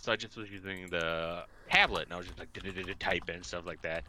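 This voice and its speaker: Bright-voiced man telling a story. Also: low-pitched, fast talker, a little hiss or hum. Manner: animated storyteller, swears freely, acts out exchanges. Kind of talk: casual chat.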